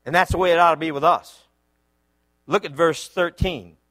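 A man preaching a sermon, telling a comic story with acted-out shouts before turning to scripture. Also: fairly high pitch, normal speed. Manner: animated, acts out shouting voices in his story.

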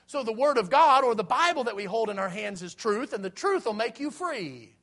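Guy with a pretty high voice preaching, earnest, keeps repeating himself, slows way down on bible verses. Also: expressive, bright, forceful tone. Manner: earnest, repetitive exhortation, slows right down on scripture quotes. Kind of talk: evening sermon.

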